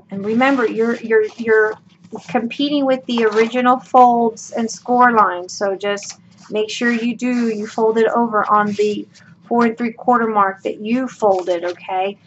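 A woman hosting a craft tutorial, talking casually through each step with her voice worn out, chatty and folksy with lots of ums and okays. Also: on the high side. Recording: dull lo-fi with clear room noise.

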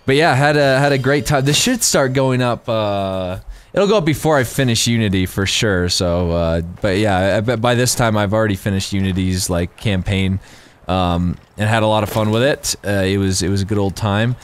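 A man giving casual, rambling let's-play commentary while gaming, excitable and quick to laugh. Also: on the low side, clear, resonant tone. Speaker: gaming YouTuber.

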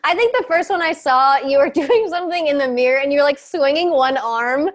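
Chatty young woman with a high voice. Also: fairly quick. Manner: chatty, laughs often, fills with "like"; reads listener questions aloud. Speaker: podcast host. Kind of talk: casual chat.

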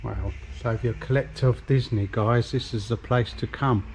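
A man's voice: mid-range voice, steady tone, brisk, darkish tone. A man giving a chatty, upbeat walking tour outdoors, talking to viewers while he walks along a resort street with a camera. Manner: chatty, upbeat, keeps addressing viewers as guys. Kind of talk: casual walking-tour commentary. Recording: clear street traffic noise behind.

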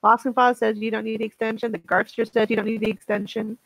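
A woman's voice: on the high side, flat delivery, fast, creaky, no room sound, poor audio. A woman co-hosting a casual talk show livestream, teasing the host and relaying chat questions.

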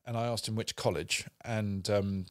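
Low-voiced English man telling rambling anecdotes. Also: steady tone, moderate pace, dry recording. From England. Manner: rambling anecdotes with dry self-deprecating humour. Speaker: podcast co-host. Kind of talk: casual chat, storytelling. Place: studio. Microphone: studio microphone.

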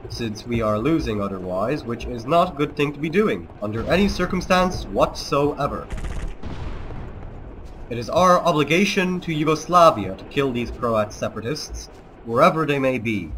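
A man's voice: mid-range voice, expressive, normal speed, noisy background. A man with a put-on Serbian accent, a let's play host giving mock-solemn, declamatory gameplay commentary.

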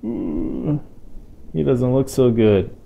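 A man's voice: lowish voice, a little slow, lo-fi sound. Playful man reading a picture book. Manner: playful and expressive, chatty asides to a listening child. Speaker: storytime reader.

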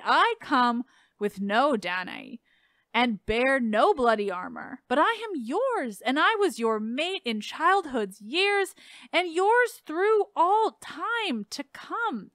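A woman reading aloud as a devoted young female nymph, pleading slowly and earnestly. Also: sits high, big pitch swings, a bit bright, no echo, studio quality, exaggerated voice. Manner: slow, earnest, imploring. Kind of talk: dramatic reading.

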